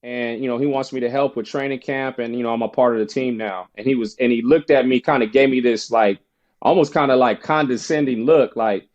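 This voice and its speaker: A man's voice: medium pitch, fairly even intonation, brisk, a little mellow, muffled recording. A man telling a personal story as a podcast guest, acting out the voices of the people he quotes. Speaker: podcast guest, former basketball player. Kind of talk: casual storytelling interview.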